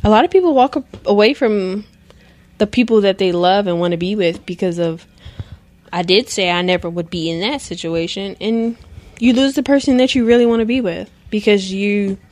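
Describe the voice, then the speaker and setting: A woman's voice: mid-range voice, moderate pace, darkish tone. A woman co-hosting a casual podcast chat, talking in an emphatic, lecturing way as she hands out advice. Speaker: podcast co-host.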